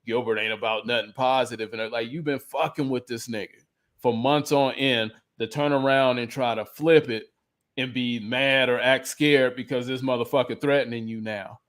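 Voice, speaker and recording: A man's voice: mid-range voice, fairly even intonation, normal speed, a bit bright. A man co-hosting a podcast, ranting in a profane, heated way in casual chat. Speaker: podcast co-host.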